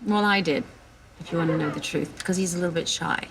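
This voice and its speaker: A woman's voice: on the low side, fast, background noise. A woman interview guest with a flirtatious, teasing manner. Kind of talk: playful TV interview.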